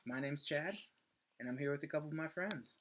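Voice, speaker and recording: A man's voice: on the high side, a little fast, a bit bright. A young man, hosting a casual podcast chat with friends and joking around. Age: 20s. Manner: joking, laid-back. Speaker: podcast host. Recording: noisy room with clicks.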